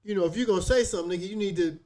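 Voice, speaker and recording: Animated, profane male podcast storyteller. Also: high voice, very fast. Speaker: podcast co-host. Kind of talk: casual chat, storytelling.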